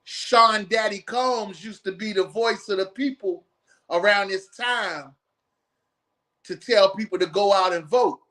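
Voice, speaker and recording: Dude ranting slow and blunt on his live stream, cussing a lot, heated. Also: high-pitched, pushed and bright. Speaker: podcast host. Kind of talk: live-stream commentary rant.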